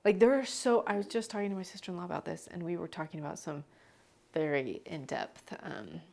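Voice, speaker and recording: A young adult woman hosting a podcast, chatting casually and telling animated stories with frequent laughter. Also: lowish voice, brisk, gravelly, slight background noise. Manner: animated storytelling, laughs often. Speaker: podcast host. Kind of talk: casual chat.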